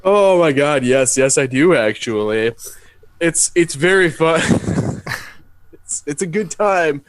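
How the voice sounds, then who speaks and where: Giggly, lively male co-host. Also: on the high side, slow, no echo. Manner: giggly, loose, profane. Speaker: podcast co-host. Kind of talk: casual comedic chat.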